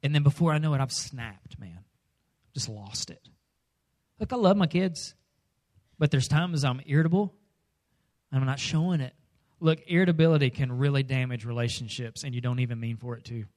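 A middle-aged man preaching a comedic sermon, animated and jokey, acting out voices with sudden loud outbursts. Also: mid-range voice, moderate pace.

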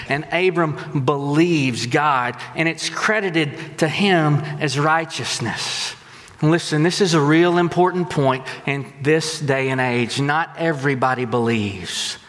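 High-voiced preacher in a big hall. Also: male voice, unhurried. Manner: animated storytelling with acted-out quotes. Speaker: pastor. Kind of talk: sermon. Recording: long hall reverb.

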